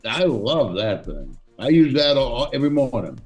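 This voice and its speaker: A man chatting casually on a podcast in a lively, talkative way. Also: mid-range voice, normal speed, highs cut off, faint music behind. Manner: animated, chatty. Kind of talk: casual chat.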